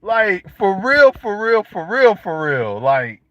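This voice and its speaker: Brief: young guy, high lively voice, joking slangy vlog monologue, dry lo-fi sound. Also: slow pace, no room sound. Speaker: vlogger. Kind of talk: casual monologue to camera. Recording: dull lo-fi sound.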